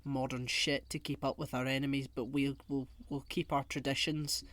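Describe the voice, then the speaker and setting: A man's voice: medium pitch, level tone, moderate pace, a bit bright, dry recording. A man co-hosting a casual podcast chat, joking and rambling. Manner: jokey, rambling, laughs at own jokes. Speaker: podcast co-host.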